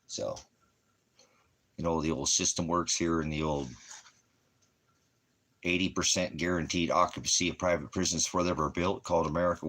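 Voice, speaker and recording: Deep husky man rambling online. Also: fairly bright tone. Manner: rambling, joking, laughs at own jokes. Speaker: internet ministry host.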